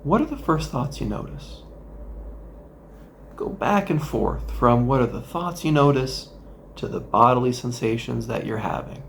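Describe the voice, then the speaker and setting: Male therapist, gravelly mid-range voice, gentle instructional guide with playful asides. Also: medium pitch, animated, a little slow, slight background noise. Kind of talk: instructional talk with guided exercise.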